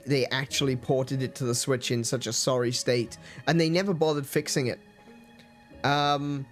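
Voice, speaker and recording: A man casually commenting while playing a video game, chatty and easily amused, with faint game music behind. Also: on the high side. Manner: amused, chatty, frequent laughter and fillers. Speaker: let's play gamer.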